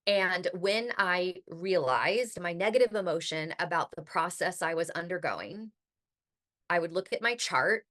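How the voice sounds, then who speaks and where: Woman, podcast host, low-ish voice with a tense bright edge, casual and rambling. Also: lively intonation, unhurried. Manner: chatty, heavy use of "like", occasional swearing.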